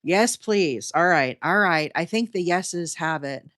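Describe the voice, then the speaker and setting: A woman's voice: on the low side, animated, a little slow, fairly bright tone, no echo, clean studio sound. A middle-aged woman with a Southern US accent, hosting a crochet livestream in a chatty, rambling way and talking straight to her chat. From Alabama, US. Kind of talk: casual live-stream chat while crocheting.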